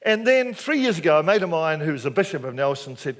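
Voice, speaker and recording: An older Anglican preacher with a New Zealand accent, telling stories to a hall of men. His voice sits high and swings widely up and down. He keeps it chatty and playful, often throwing questions out to the crowd. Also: fast talker. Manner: lively, jokey, chatty, asks the crowd questions. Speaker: Anglican minister, speaker. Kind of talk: storytelling sermon to a men's gathering.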